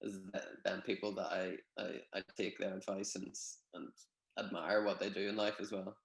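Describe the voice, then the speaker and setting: A young man from Northern Ireland with a Northern Irish accent, chatting in a relaxed, rambling way with many fillers on a video call. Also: low voice, normal speed, creaky, echoey room, poor audio. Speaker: guest, gymnast. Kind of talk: casual interview over video call.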